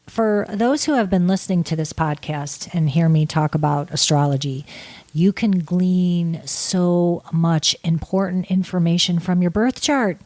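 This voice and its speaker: A woman astrologer, a podcast guest, explaining things in a warm, emphatic, casual way. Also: lowish voice, a little slow.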